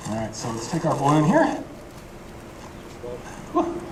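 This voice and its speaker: A man's voice: mid-range voice, huge pitch swings, measured pace. A man giving a live chemistry demonstration, explaining in a chatty way with lots of fillers. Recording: distant mic, faint background noise.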